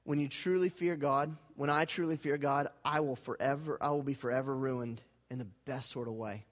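A man preaching a sermon as pastor, dramatic, swinging from hushed lines to loud, fervent ones. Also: medium pitch, fairly even intonation, moderate pace. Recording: hall reverb.

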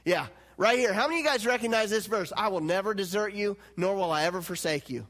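Male pastor, high voice, animated sermon, loud then hushed, long church reverb. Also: fast.

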